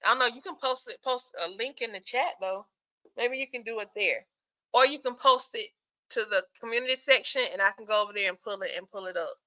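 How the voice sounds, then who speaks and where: A sleepy woman hosts a relaxed livestream and reads out viewer comments between bursts of laughter. Her voice sounds bright, and the stream audio comes through dull and lo-fi. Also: a little high, brisk. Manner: chatty, laughs often, talks straight to viewers. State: sleepy, yawning. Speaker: livestream host. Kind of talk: casual livestream chat reading viewer comments.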